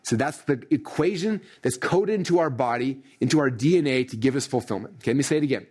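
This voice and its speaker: Fast-talking husky male success coach. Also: medium pitch. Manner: energetic, leans on "right?" and "like". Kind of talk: motivational training talk. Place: room with a live audience.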